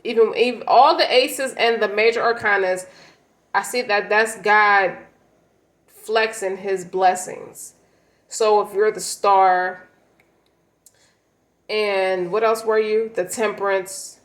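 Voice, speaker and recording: A woman reads tarot cards in a loose, conversational way, blunt and full of slang, leaning hard on her points. Her voice sits at an ordinary middle pitch. The room around her is noticeably echoey. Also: steady tone, slow, pauses often. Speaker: tarot reader. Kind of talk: casual tarot reading.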